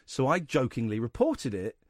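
Male radio host, lively storyteller, dry close studio sound. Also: medium pitch, normal speed, no room sound. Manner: rambling, animated anecdote-telling with quoted voices. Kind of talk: casual radio chat, storytelling.

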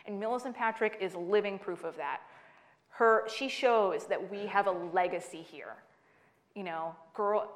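A young adult woman author giving a book talk to an audience, lively and laughing through her stories. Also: mid-range voice. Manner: animated storyteller, laughing through anecdotes.

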